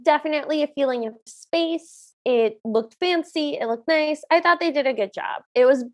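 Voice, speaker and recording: A woman co-hosting a podcast in casual chat, wry and teasing, quick to push back. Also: sits high. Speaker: podcast co-host.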